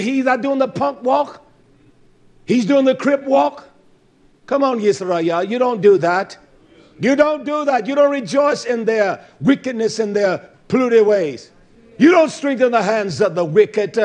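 A male preacher delivering a fervent, blunt sermon, repeating his phrases and calling out to the congregation. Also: very high-pitched.

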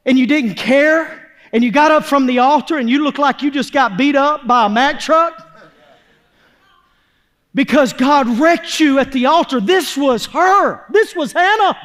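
A man with a strikingly high voice preaches a fervent sermon in a church. He swings from shouted, urgent peaks down to hushed, quiet stretches, speaking in a folksy, down-home way. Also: measured pace. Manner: folksy Southern phrasing. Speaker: pastor. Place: church sanctuary.

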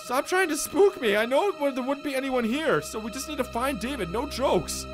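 A man's voice: very high-pitched, expressive, normal speed, soft background music, pitched above the performer's own voice. Man putting on a jumpy, worried young woman. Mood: anxious.

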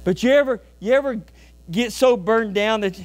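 A pastor preaching a folksy, animated sermon, asking the congregation questions and telling homey stories. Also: male voice, high voice, moderate pace. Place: church sanctuary.

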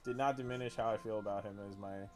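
A man's voice: on the low side, steady tone, quick pace, music in the background. Laughing, joking man on a drawing stream. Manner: jokey, laughs often, puts on silly voices. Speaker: artist hosting a live drawing stream. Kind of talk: casual chat while drawing.

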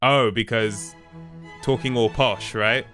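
A man's voice: mid-range voice, fairly even intonation, slow. A man livestreaming who chats casually with his viewers, laid-back and often chuckling as he reacts to their posts. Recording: stream with faint background music.

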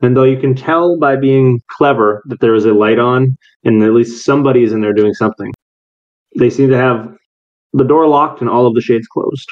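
A man narrates a tabletop game as game master, setting scenes and asking players for checks. He talks in a relaxed, matter-of-fact way at a medium pitch. The recording sounds slightly dull and muffled. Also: moderate pace.

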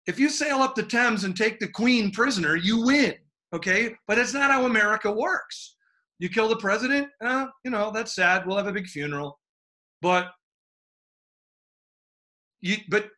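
A man teaching an online history class in an animated, joking, rambling way over a video call. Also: sits high, normal speed.

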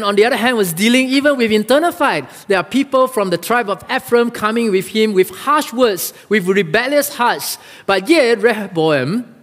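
A male pastor preaching a sermon in a church, lively and acting out the Bible quotes. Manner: animated, acts out Bible quotes with rising pitch. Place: church sanctuary. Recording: long reverb of a large hall.

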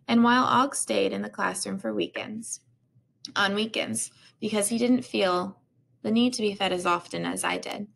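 Woman reading a storybook, gravelly voice. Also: medium pitch. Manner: unpolished reading with restarts and repeated words. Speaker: reader of a children's book.

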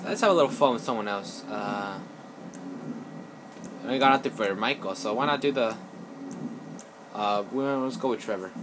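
A man giving casual let's play commentary, excitable and profane, yelling at the game. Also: mid-range voice, noisy background. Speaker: gameplay commentator. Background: game music.

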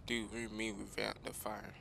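Young guy playing a game and rambling at his viewers, bit low and gravelly, faint hiss behind. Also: monotone, moderate pace. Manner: rambling, slangy, talks to viewers. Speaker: gaming streamer. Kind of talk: casual game commentary.

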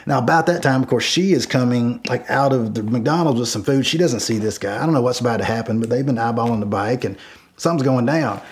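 A man's voice: mid-range voice, fast. A middle-aged man telling a personal story in a casual, rambling way, full of fillers and restarts. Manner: rambling, many fillers and restarts, shouts quoted lines loudly. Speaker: storyteller guest.

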